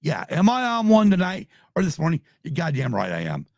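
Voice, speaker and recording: Gravelly fifty-something guy, pissed off, swearing a lot, pitch jumping all over. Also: wildly swooping pitch, brisk, no room sound, studio quality. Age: 50s. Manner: angry, swearing, heated. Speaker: podcast host. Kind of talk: profane live-stream rant.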